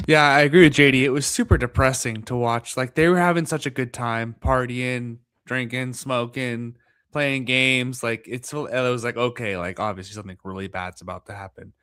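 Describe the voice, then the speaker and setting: A man's voice: mid-range voice, fairly even intonation, normal speed, a bit bright, clean tone, dry recording. A man co-hosting a casual podcast review, talking in a plain, conversational way. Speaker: podcast co-host.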